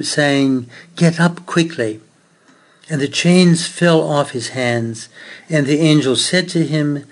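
Slow, earnest male preacher. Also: a little high. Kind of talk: sermon with story and scripture reading.

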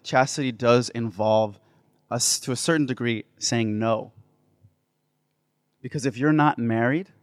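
Energetic man addressing a crowd. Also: medium pitch, no echo, clean studio sound. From United States. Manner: playful, building to loud enthusiastic bursts. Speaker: Catholic speaker. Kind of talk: energetic talk to a live audience.

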